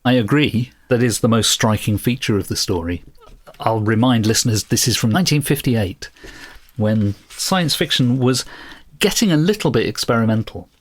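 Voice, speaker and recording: A man's voice: mid-range voice, moderate pace. A man co-hosting a casual book podcast. He talks thoughtfully and at length, often poking fun at himself. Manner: thoughtful, self-deprecating, explains at length. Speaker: podcast co-host.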